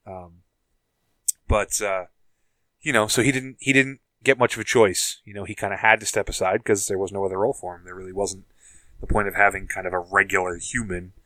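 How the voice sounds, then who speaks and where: A man's voice: low-pitched, steady tone, fairly quick, sharp tone, no echo, rough recording. A man co-hosting a casual podcast chat about TV shows, rambling with lots of fillers and asides. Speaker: podcast co-host.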